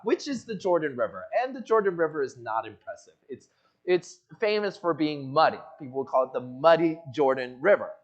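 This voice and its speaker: A pastor with a higher-pitched voice preaches expositorily in a church sanctuary, very animated and fairly quick. He acts out the characters' lines, though the sound is muffled.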